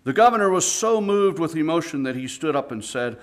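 A man preaching a sermon, telling a story dramatically, swinging between hushed and loud delivery. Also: on the high side, expressive, brisk.

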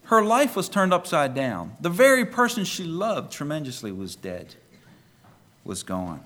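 A man's voice: fairly high pitch, huge pitch swings, unhurried, a bit bright. A male pastor preaching a sermon emphatically and putting questions to the congregation.

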